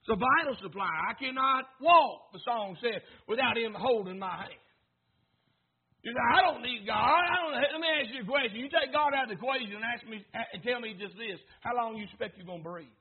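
Male preacher, husky high-pitched voice, fervent rhythmic delivery, tinny lo-fi recording. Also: animated, a little fast. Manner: fervent preaching, swings from near-whispers to shouts; rhythmic repetition, asks congregation to repeat. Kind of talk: sermon.

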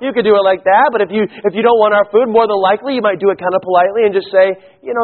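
A male pastor preaching a sermon, emphatic, swinging from quiet low stretches to raised, pleading calls. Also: quick pace. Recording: tinny phone-like sound.

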